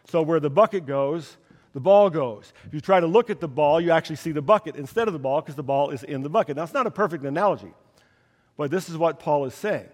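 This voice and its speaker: Man preaching a slow, emphatic sermon. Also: fairly high pitch, long reverb tail. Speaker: pastor.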